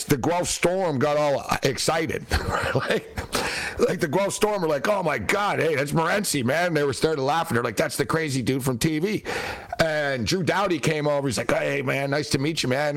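Rambling, blunt male host. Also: a little high. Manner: rambling storytelling with many fillers; blunt, profane and sarcastic. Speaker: show host. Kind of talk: casual livestream chat.

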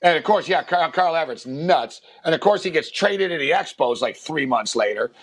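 A man tells a long story on a sports talk show, his voice sitting a touch high for a man. He wanders and restarts, piling on fillers as he goes. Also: moderate pace, slight background noise. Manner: rambling, filler-heavy, animated impressions in quotes. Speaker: radio show host. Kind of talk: casual storytelling chat.

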